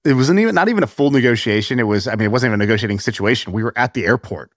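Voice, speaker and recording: A man's voice: mid-range voice, very fast, dry recording, clean studio sound. A man in his thirties, a podcast guest telling stories with lots of laughter. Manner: animated storyteller, laughs often. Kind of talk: casual podcast chat.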